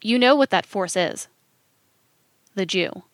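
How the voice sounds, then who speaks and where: Lady reading a text aloud, slow and steady, super dry close sound. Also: medium pitch, no room sound. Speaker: reader.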